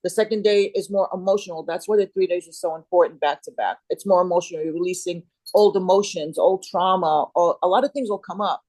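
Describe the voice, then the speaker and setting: A woman's voice: fairly low pitch, brisk, hardly any pauses, a little mellow, dry recording, poor audio. Rambling middle-aged woman, dry sound. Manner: rambling, searching for words, many restarts. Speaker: guest, Kambo facilitator. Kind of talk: casual interview chat.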